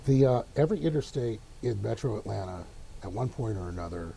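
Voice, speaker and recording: A man's voice: fairly low pitch, gravelly, warm tone, a little hiss or hum. A man, giving wry, opinionated commentary in a casual talk show discussion. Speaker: local politics commentator.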